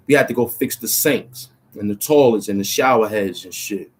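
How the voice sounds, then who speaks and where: With a lowish, breathy-edged voice, the rapper keeps a moderate pace with few pauses. He's in a small, cramped room, delivering a loose, meandering monologue heavy on street slang and "you know what I'm saying." It's a low-quality recording.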